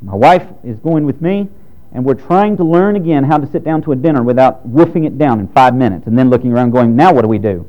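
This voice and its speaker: A man's voice: mid-range voice, fast, highs cut off. A man in his thirties preaching a sermon to his congregation, direct and frank, with strong emphasis. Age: 30s. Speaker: pastor.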